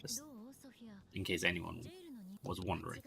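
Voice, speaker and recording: A man's voice: on the low side, expressive, a little slow, gravelly, a crowd in the background. A sleep-deprived man streaming a game, rambling in a mock-professorial way and laughing often. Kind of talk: casual live-stream game commentary.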